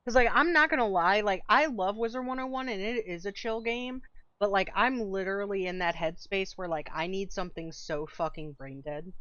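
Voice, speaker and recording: A woman's voice: mid-range voice, moderate pace, fairly bright tone, clear, resonant tone, dry recording, lo-fi sound. A woman streamer chatting casually with viewers while playing a game, laid-back and swearing freely, sometimes eating as she talks. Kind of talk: casual gaming stream chat.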